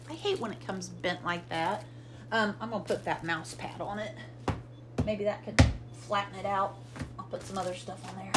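Chatty bright-voiced woman showing a haul. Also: on the high side, slight background noise. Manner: chatty, rambling, easily amused. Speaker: vlogger showing a shopping haul. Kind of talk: casual haul chat.

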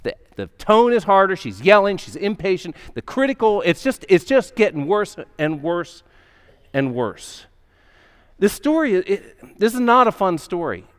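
A man's voice: high-pitched, sing-song, unhurried, fairly bright tone, clean tone. A male pastor preaching a sermon in a conversational storytelling manner, acting out the characters' voices. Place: church sanctuary. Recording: long hall reverb.

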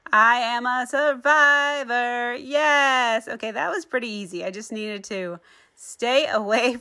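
A woman's voice: fairly high pitch, bright, forceful tone. A middle-aged woman giving playful, chatty commentary on her own gameplay as the channel's host, exclaiming often.

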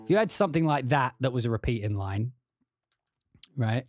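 A man's voice: medium pitch, animated, moderate pace, a little mellow, soft background music. A man casually walking through a sample library on a livestream, rambling and humming rhythms aloud as he plays at his keyboard. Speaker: composer demonstrating a sample library. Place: home studio at a keyboard.

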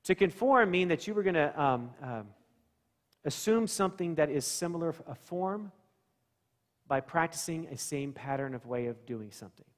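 Man, pastor, high voice, conversational sermon, long church echo. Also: lively intonation, normal speed. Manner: asks the congregation questions, acts out scenes. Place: church sanctuary.

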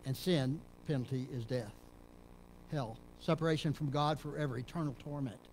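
A middle-aged man from Texas, a pastor preaching a sermon in a church, dropping to low murmurs and rising to loud emphatic peaks. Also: moderate pace, slight background noise. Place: church sanctuary.

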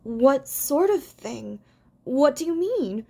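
A woman's voice: high-pitched, sing-song, takes it slowly, creaky, mellow, pitched above the performer's own voice, full character voice. A woman reading aloud, voicing a young male rabbit who speaks firmly and reassuringly. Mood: urgent. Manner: firm, reassuring. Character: steady young male rabbit, protective leader.

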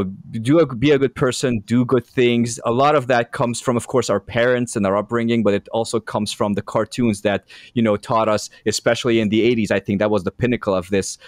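A man's voice: lowish voice, fairly even intonation, brisk, few pauses, no room sound, studio quality. A man co-hosting a podcast, asking long, rambling questions full of restarts. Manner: rambling, many fillers and restarts. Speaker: podcast co-host. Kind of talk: interview conversation.

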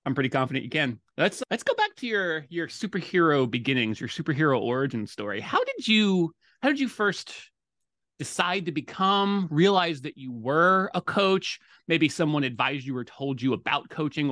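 Chatty podcast host guy, happy and gushing, mid-pitch voice, dead dry mic. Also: fairly bright tone, no room sound. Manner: cheerful, effusive. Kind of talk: podcast interview.

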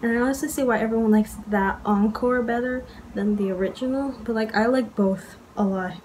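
A woman's voice: a little high, brisk, darkish tone, a little hiss or hum, low-quality recording. A young woman making a casual reaction vlog, gushing, swearing and squealing as she reacts to music. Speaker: YouTuber reacting to music videos. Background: music playing.

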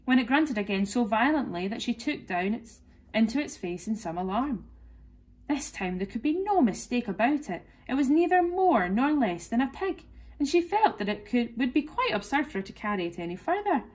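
A woman, a teacher, reading a children's classic aloud clearly and expressively. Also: fairly high pitch, very animated, moderate pace, darkish tone. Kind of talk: storybook read-aloud.

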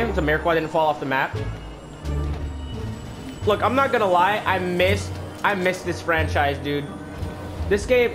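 A man giving casual let's-play commentary, chatty and easily surprised as he plays. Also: high voice. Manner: chatty, easily surprised, says "dude" a lot. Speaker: gaming commentator. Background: game music.

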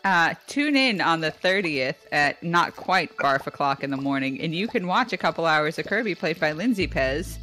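Lively woman co-hosting a charity stream. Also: low-pitched, moderate pace, hardly any pauses, soft background music. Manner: playful, lively, laughs often. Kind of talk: casual chat.

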